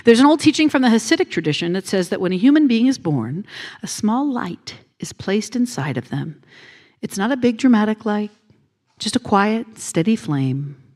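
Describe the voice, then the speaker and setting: A woman minister giving a gentle, intimate sermon on a handheld mic in a church, with soft hushed phrases. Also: mid-range voice, big pitch swings, moderate pace. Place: church sanctuary.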